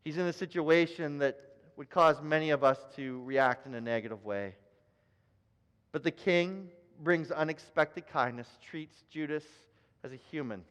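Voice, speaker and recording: A man's voice: on the high side, clean tone. A man, a pastor, preaching a sermon and telling a story, building to emphatic repeated phrases. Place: church sanctuary. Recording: church hall reverb with soft keyboard music.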